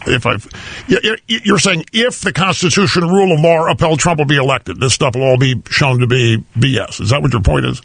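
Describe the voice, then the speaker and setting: A man's voice: mid-range voice, fairly quick, vocal fry, fairly bright tone. A man hosting a talk radio show, emphatic and conversational, rephrasing a caller's point back to him. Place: radio studio. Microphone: studio microphone.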